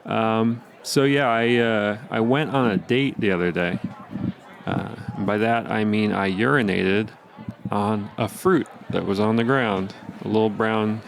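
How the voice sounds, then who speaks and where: A man's voice: on the low side, steady tone, measured pace. A man hosting a comedy show, hesitant and full of fillers as he introduces the next act. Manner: hesitant, filler-heavy, gravelly. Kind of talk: casual stage banter. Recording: faint outdoor street noise.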